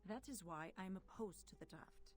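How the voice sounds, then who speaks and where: An actress voicing a cautious female committee member who argues policy in a formal, deliberate way in a game. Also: lowish voice, natural voice. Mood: serious.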